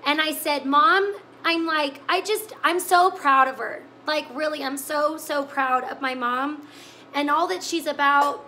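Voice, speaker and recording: A woman's voice: high-pitched, a little slow, sharp tone, slight background noise. A woman hosting a live cooking stream, chatting with viewers in an emotional, tearful way. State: crying. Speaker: cooking show host. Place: home kitchen.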